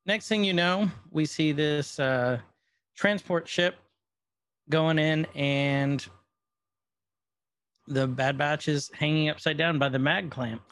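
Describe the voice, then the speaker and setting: A man's voice: a little high, takes it slowly, long pauses, a bit bright, dry recording. A man co-hosting a podcast, casually recapping an episode and joking around. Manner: joking, playful retelling with quoted voices. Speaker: podcast co-host.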